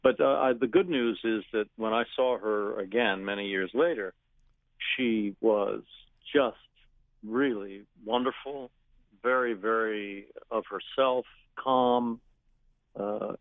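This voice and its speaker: A man telling stories in a phone interview, animated, laughing often and restarting his sentences. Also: on the low side, no room sound. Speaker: actor guest. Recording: phone line.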